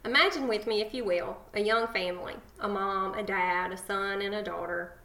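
A woman's voice: medium pitch, normal speed, creaky, sharp tone, reverberant. A woman co-hosting a faith podcast, talking earnestly and affectionately about past guests. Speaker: podcast co-host. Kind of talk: casual faith podcast chat.

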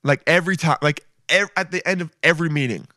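A male comedian hosts a podcast, riffing in a loose, goofy ramble that pokes fun at himself. His voice is bright and forward. The recording is dry and close, with no room sound. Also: a little high, quick pace, no room sound. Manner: rambling, goofy, self-mocking. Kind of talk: casual rambling comedy monologue.

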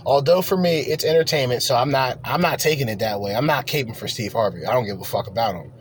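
A man's voice: mid-range voice, fast, a little hiss or hum. A man hosting a reaction commentary, ranting in a profane, confrontational way. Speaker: commentary host.

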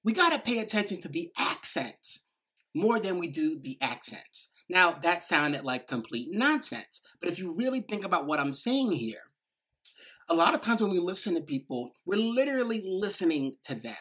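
A woman with a New York accent giving a motivational talk, quick and emphatic, with many "like" fillers. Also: on the low side, very animated, fairly bright tone, breathy edge. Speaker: speaker.

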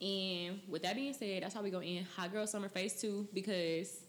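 A woman's voice: medium pitch, moderate pace, a little hiss or hum. A woman in her twenties hosting a podcast, loose and chatty with lots of fillers. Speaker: podcast host. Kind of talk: casual chat.

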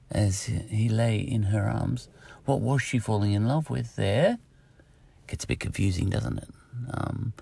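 A man's voice: deep voice, vocal fry, breathy edge. A middle-aged Australian man hosting a solo podcast, rambling in a jokey, self-mocking way. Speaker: podcast host.

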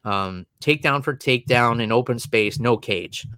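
Casting note: casual man, mid-pitched, rambling fight analyst, dry close mic. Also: sharp tone, smooth, no room sound. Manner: fast, rambling, many restarts and fillers. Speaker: MMA analyst guest. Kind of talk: casual podcast chat.

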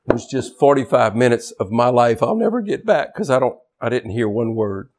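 Animated older man preaching a sermon. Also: mid-range voice, moderate pace. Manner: animated preaching, shouting for emphasis. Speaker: pastor. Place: church.

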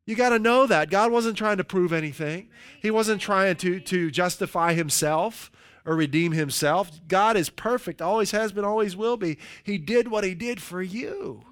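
A male pastor delivers a sermon with a fairly high-pitched voice. He speaks emphatically, drawing out quoted verses slowly for weight and checking in with the congregation with a frequent "right?". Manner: emphatic, slows for scripture quotes, asks "right?" often.

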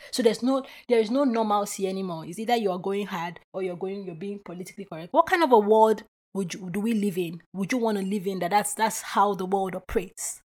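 A woman's voice: medium pitch, fairly quick, hardly any pauses. A woman hosting her own podcast, talking through her thoughts in a casual, reflective solo monologue full of fillers. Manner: animated storyteller who acts out quoted voices; chatty and reflective with frequent filler words. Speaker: podcast host.

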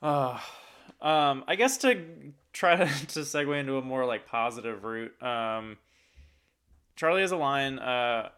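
A man's voice: mid-range voice, animated, measured pace, a bit bright, clear, resonant tone. A man chatting casually in a film review, blunt and exasperated, swearing casually. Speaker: podcast co-host.

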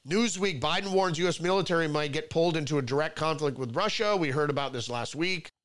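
A man's voice: a little high, fast, a bit bright. A man hosting a solo political commentary show, reading headlines and reacting to them with rambling restarts and mocking outbursts.

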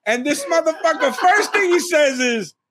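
A man co-hosting a casual wrestling recap, animated and profane, laughing often and slipping into mocking voices. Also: extremely high pitch, normal speed, background noise. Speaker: podcast co-host.

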